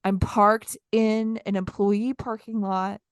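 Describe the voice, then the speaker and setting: A woman's voice: mid-range voice, slow, smooth, dry recording, studio quality. A woman in her thirties, co-hosting a podcast, telling a story in casual chat and acting out her own lines. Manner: animated, acts out her own lines in quotes. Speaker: podcast co-host.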